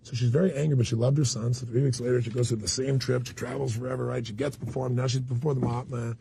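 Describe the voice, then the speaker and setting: Speaking at a quick pace with fairly even intonation, a motivational speaker with a deep, raspy, gravelly voice sounds mellow over a faint hiss or hum. He's candid in the interview, relating stories bluntly and emphatically with occasional swearing.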